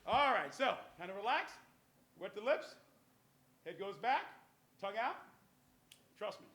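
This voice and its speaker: A man's voice: high-pitched, very animated, unhurried, pushed and bright, roomy sound. A man performing as a stage magician, talking volunteers through a trick step by step with coaxing commands and jokes, at a live venue. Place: live cafe stage with audience.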